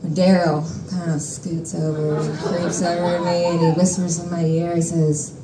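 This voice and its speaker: A woman's voice: on the low side, flat delivery, normal speed, roomy sound, background noise. A young adult woman telling a personal story on stage, wry, exasperated and freely profane. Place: stage at a live storytelling show.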